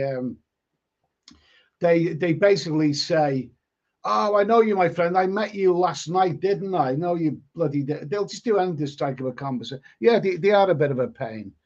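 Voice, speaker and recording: A man's voice: fairly high pitch, a little mellow. A man hosting a live stream, chatting casually and reading out viewer comments, often stumbling and repeating words. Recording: lo-fi stream audio.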